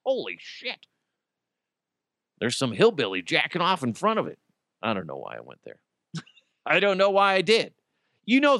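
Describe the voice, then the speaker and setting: A man's voice: mid-range voice, fairly bright tone, smooth, no echo, studio quality. A man hosting his own podcast, rambling and joking with plenty of swearing. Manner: rambling, profane, jokey. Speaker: podcast host. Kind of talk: casual solo podcast monologue.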